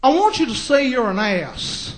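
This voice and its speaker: A comic doing a smug, bullying TV advice doctor. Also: male voice, very high-pitched, very animated, normal speed. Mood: badgering. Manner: condescending, repetitive, badgering.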